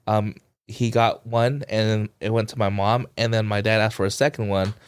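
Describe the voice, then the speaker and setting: A man's voice: lowish voice, little pitch movement, normal speed, clean tone. A man co-hosting a podcast in casual chat, telling funny stories in a playful, joking way. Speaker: podcast co-host.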